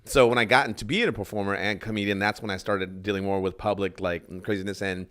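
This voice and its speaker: A male comedian telling a story in casual podcast chat, acting out the people in it and swearing freely. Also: quick pace. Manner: animated, acts out quotes with rising pitch and swearing.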